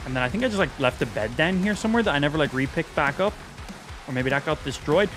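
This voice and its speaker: A man's voice: fairly high pitch, big pitch swings, very fast, a bit bright, soft background music. A man live-streaming a video game, chatting casually about what he is doing and swearing freely when things go wrong. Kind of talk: live gameplay stream commentary.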